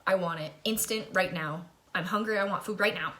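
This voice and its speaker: Bright-voiced chatty young woman vlogger. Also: lowish voice, a little fast. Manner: emotional, chatty, laughs often. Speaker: faith vlogger. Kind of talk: personal testimony vlog.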